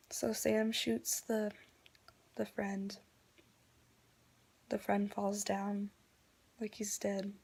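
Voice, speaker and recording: A woman vlogger in a subdued, disgusted retelling, sometimes dropping to a soft half-whisper. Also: medium pitch, little pitch movement, very slow, creaky, pauses often, breathy edge. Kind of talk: reaction commentary.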